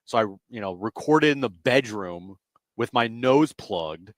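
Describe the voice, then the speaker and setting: A man co-hosting a sports radio show, telling a rambling story in casual chat and often trailing off quietly. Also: mid-range voice, expressive, measured pace, dry recording. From United States.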